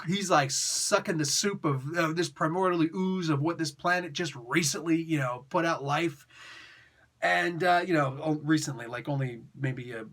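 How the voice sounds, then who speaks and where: A man reviewing a comic in a casual, slangy way. He laughs often as he retells the story, with a bright, slightly high voice.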